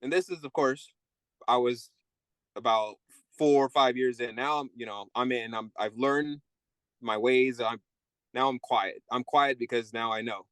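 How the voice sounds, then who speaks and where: A man's voice: mid-range voice, steady tone, measured pace, a bit bright, clean tone, no room sound. A man, a former correction officer, telling candid stories from prison work in an interview. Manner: candid, tells stories acting out inmates' voices. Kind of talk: storytelling interview.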